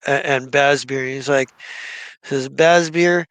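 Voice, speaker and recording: A man narrating as game master in a tabletop game, halting with frequent fillers. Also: mid-range voice, flat delivery, a bit bright, dry recording.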